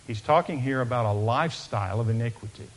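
A male pastor preaching a sermon, swinging from loud emphatic declarations down to hushed, quiet asides. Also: medium pitch, fast, a little hiss or hum.

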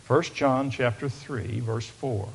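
A male pastor preaching a sermon, swinging from loud emphatic declarations down to hushed, quiet asides. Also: mid-range voice, slow, creaky, breathy edge.

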